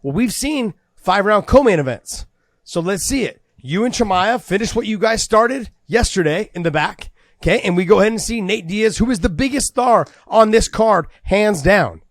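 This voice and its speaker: A man and former fighter co-hosting a casual podcast, excited and talking fast, acting out quoted lines. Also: high voice, no room sound, clean studio sound.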